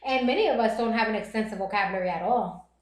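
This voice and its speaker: Fast-talking Bronx Puerto Rican woman. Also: mid-range voice, echoey room. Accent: Puerto Rican Bronx New York. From the Bronx, New York. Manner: fast-talking, chatty and reassuring. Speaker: livestream host. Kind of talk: casual chat reading viewer comments.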